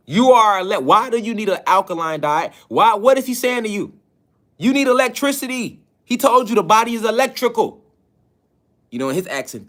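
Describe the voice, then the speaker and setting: A man's voice: sits high, very animated, a little fast, fairly bright tone. A man giving a preachy spiritual lecture online, insistent and emphatic, who keeps firing rhetorical questions at his listeners.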